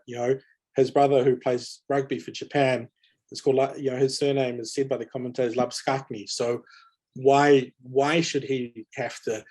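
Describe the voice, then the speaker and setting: A man's voice: medium pitch, a little mellow. A man moderating a webinar panel over a video call, conversational, with many fillers and restarts. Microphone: video call mic.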